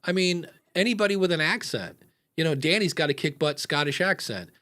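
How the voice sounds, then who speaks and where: A man's voice: a little high, expressive, brisk, sharp tone. An American man hosting a podcast, talking casually and rambling with lots of fillers. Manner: rambling, chatty, many fillers. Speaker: podcast host.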